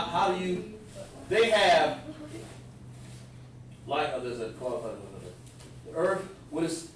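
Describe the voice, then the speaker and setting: This man, slightly high-voiced, teaches scripture over a live stream, breaking down what words mean step by step while speaking straight to his audience. The room is very echoey, the mic is distant, and there's a bit of background noise.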